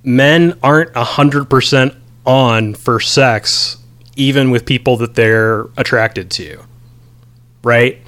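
A man's voice: mid-range voice, slow, a bit bright. A man in a casual podcast conversation about a movie, talking with many ums and reading lines from his notes. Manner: rambling, many ums, reads quotes aloud. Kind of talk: casual film discussion.

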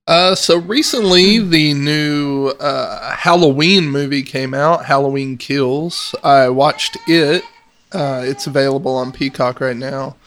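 A man's voice: medium pitch, slow, fairly bright tone. A man chatting casually on a podcast, hesitant with many fillers but enthusiastic. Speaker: podcast co-host. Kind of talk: casual chat.

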